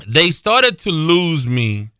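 A middle-aged man hosting a casual sports podcast, animated and self-deprecating, laughing often as he talks. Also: fairly high pitch, slow pace, smooth, no room sound, clean studio sound. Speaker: podcast host.

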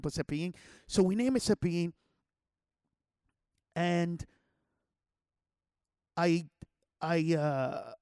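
A man's voice: on the high side, a little mellow, no room sound, studio quality. A man telling a childhood story in a loose, rambling way, with slang and many restarts. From Los Angeles area. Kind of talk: casual personal storytelling.

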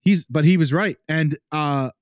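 A man's voice: a little high, unhurried, no echo, clean studio sound. A man, co-hosting a podcast and chatting casually and profanely about the game as he watches it, rambling with lots of fillers. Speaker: podcast co-host.

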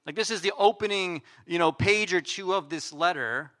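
A man, a pastor giving a casual sermon, reading scripture aloud and paraphrasing it in a conversational, animated way. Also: sits high, normal speed.

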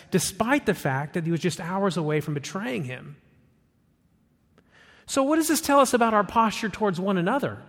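A man preaching a sermon as pastor, emphatic, rising on his questions and dropping low and soft for quotes. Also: big-room sound.

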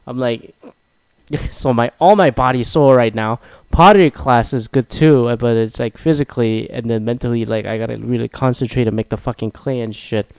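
A man's voice: medium pitch, normal speed, creaky, darkish tone, clear, resonant tone, no room sound. A young man from Korea, hosting a casual solo talk and ranting profanely with self-mocking asides. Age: young adult.

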